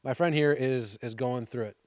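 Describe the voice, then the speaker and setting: A man's voice: mid-range voice, moderate pace, no echo, studio quality. Man hosting a faith talk show. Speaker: TV show host. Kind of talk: casual interview chat.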